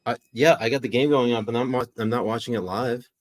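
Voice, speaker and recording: A man's voice: medium pitch, steady tone, fast talker. A man co-hosting a casual livestream podcast, joking, teasing his co-host and reading chat comments aloud.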